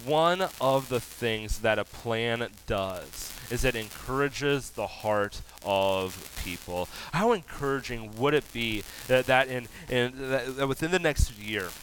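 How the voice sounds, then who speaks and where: A man preaching a sermon as pastor, animated, rising loud for emphasis. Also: sits high, clean tone, rough recording.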